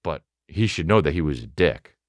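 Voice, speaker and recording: A man in his thirties hosting a podcast, telling a profane, animated story and acting out both sides of a conversation. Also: a bass voice, moderate pace, no room sound. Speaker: podcast host. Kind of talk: casual comedic storytelling.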